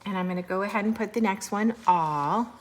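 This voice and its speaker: A woman teacher giving a recorded sight-word lesson to young children, spelling words slowly and clearly in a playful sing-song way. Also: mid-range voice.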